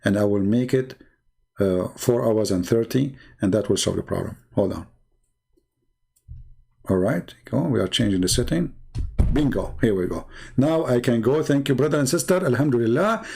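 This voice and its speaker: A man's voice: medium pitch, moderate pace, gravelly, mellow, breathy edge. A man hosting a live stream, rambling in a mocking, sarcastic way in broken English, saying he is losing his voice. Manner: sarcastic, rambling, heavy non-native English.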